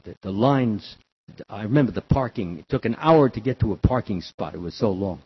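Lively, husky-voiced older man telling a story. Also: brisk. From the Bronx, New York. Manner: animated storyteller who acts out children's cries in a high voice. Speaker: devotional speaker. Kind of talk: storytelling sermon. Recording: dull lo-fi recording.

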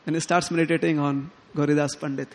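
A man giving a sermon, telling a devotional story in an animated way and acting out the characters' lines. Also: a little high, quick pace. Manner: animated, quotes characters in lively tones, chuckles often. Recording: long hall reverb.

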